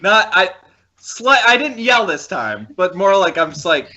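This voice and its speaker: A man's voice: sits high, lively intonation, a little slow, pushed and bright. A man playing a tabletop game, talking casually and rambling through his answers. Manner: rambling, chuckling. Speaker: player. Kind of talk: casual tabletop role-play. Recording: dull lo-fi audio.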